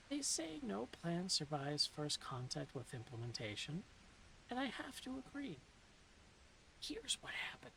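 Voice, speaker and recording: A woman reading a novel aloud in a soft-spoken ASMR style, slipping into whispers now and then, with dry, deadpan humor. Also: medium pitch, creaky, slight background noise, poor audio. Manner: soft, dips into whispers at times.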